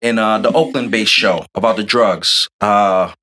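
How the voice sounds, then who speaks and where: A man co-hosting a podcast, talking in an animated, playful, slangy way in casual chat. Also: fairly low pitch, measured pace. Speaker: podcast co-host.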